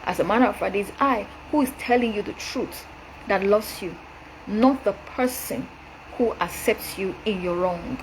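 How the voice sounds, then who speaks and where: A young adult woman hosting her show, delivering a forceful, preachy rebuttal straight to camera. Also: mid-range voice, normal speed, slight background noise, low-quality recording. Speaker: show host. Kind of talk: direct-address rebuttal monologue.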